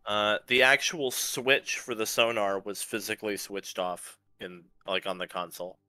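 A man running a tabletop science-fiction game as game master, narrating in a relaxed, matter-of-fact way with fillers. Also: fairly low pitch, moderate pace, clear, resonant tone, dry recording.

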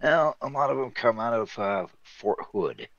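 A man's voice: medium pitch, animated, unhurried, a bit bright, no room sound, highs cut off. A middle-aged man, an Army veteran guest, telling stories in casual chat with wry humor and free swearing. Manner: wry, swears freely, laughs through stories.

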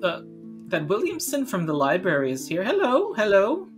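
A woman's voice: medium pitch, huge pitch swings, normal speed, music in the background, pitched above the performer's own voice. Woman putting on a fussy townswoman npc, voice pushed way up, stammery. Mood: flustered.

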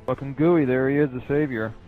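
A man's voice: mid-range voice, a little fast, narrow, tinny audio, soft background music. A young man giving a profane, mocking running commentary on an online match he is playing. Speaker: gamer commentating his match. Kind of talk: profane gameplay trash talk.

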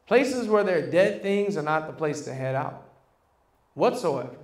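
High-voiced preacher in an echoey room. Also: male voice, very animated, normal speed. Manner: preaching with call-and-response questions to the congregation. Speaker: pastor. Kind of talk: sermon.

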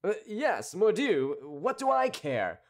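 A man voicing a brash young Gascon gentleman with a Gascon accent, blunt and scoffing. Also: sits high, wildly swooping pitch, takes it slowly, voice pushed up, heavily acted. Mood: defiant.

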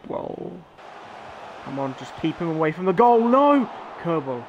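Young streamer, excitable live game commentary, slightly higher voice, faint hiss behind. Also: male voice, normal speed, highs cut off. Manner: excitable, shouts at players, swears. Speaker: gaming streamer.

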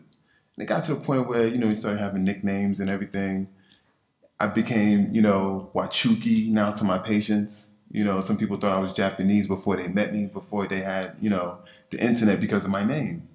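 A man with a Nigerian accent talks on a panel in an echoing hall. His voice sits low. His storytelling is lively and playful, full of rhetorical asides. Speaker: orthopaedic surgeon. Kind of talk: panel discussion. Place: symposium lecture hall. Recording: echoey conference hall on a mic.

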